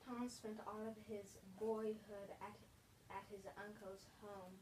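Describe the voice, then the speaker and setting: An adult woman reads word lists aloud carefully, stumbling and restarting now and then. Her voice stays level and even in pitch. She sits back from the microphone, with a faint hum in the room. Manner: careful, halting reading with restarts. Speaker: adult reading student. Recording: distant mic, faint hum.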